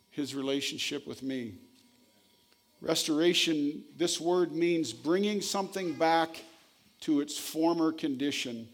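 A male pastor delivering a sermon, leading with a long story before turning to scripture. His voice sits a bit high for a man. He speaks earnestly, with emphatic phrasing.

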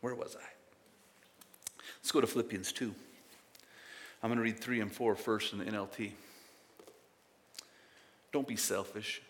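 A man preaching a sermon as pastor, emphatic and conversational, swinging between loud bursts and quiet asides and often repeating words. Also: fairly low pitch, fairly even intonation, measured pace, pauses often, in a large hall, a little hiss or hum.

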